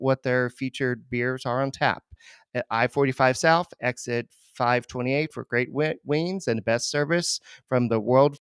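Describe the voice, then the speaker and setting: A man's voice: medium pitch, smooth, no room sound, studio quality. A man co-hosting a baseball podcast, chatting loosely with many fillers and restarts. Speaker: podcast co-host. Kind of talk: casual sports podcast talk.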